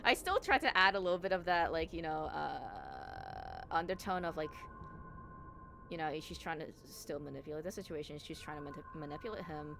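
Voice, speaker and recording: A woman's voice: low-pitched, sing-song, normal speed, vocal fry, background noise. Chatty young woman voice actor. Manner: chatty, rambling, full of fillers. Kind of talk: casual commentary on her own performance.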